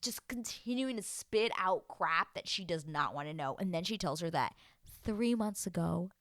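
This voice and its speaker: Woman vlogger, casual recap, exclamatory and lively, slightly low pitch. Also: moderate pace, no echo, studio quality. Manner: animated and exclamatory. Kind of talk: casual reality-show recap.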